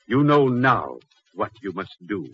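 A stern, husky domineering father. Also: fairly low pitch, very animated, a little slow, exaggerated voice. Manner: stern, condescending. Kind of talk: 1940s radio acting. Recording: lo-fi old radio recording.

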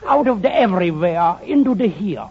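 Bumbling, flustered fake inspector; high, bouncy, giggly; hissy 1940s soundtrack. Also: male voice, sing-song, unhurried, exaggerated voice. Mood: smooth. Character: bumbling comic man mistaken for a Nazi inspector. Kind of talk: 1940s film comedy acting. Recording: dull old film soundtrack with clear hiss.

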